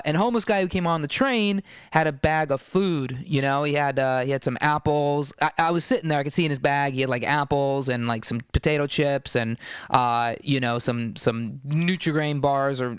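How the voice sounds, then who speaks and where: A man's voice: fairly high pitch, clear, resonant tone, no room sound, clean studio sound. A young adult man hosting a podcast, telling a casual story in a wry, rambling way, full of "you know". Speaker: podcast host.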